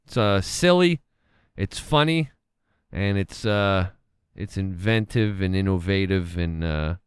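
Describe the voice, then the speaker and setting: A man's voice: deep voice, expressive, slow pace, clean tone, dry recording, clean studio sound. A man hosting a casual radio show, joking around, rambling with lots of fillers and laughing often.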